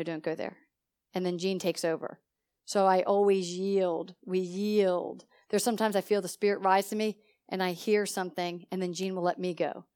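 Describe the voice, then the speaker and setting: Animated woman preacher questioning her congregation. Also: medium pitch. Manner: animated and conversational, often asks the audience questions. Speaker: pastor teaching a congregation. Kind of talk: sermon. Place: church service.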